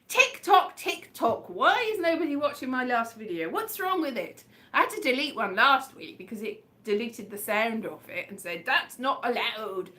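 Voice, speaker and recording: Bright rambling West Country woman. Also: a little high. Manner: rambling, self-deprecating, chatty. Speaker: comedian hosting a livestream. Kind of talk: casual livestream chat.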